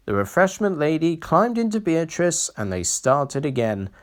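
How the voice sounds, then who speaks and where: A reader giving a slow, expressive read-aloud of a children's railway storybook. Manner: slow, expressive reading with lively pitch.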